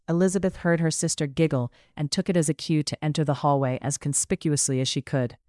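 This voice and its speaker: An audiobook narrator reading a period romance in a measured storytelling manner. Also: mid-range voice, steady tone, a little mellow, smooth, no echo, studio quality. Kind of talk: scripted narration.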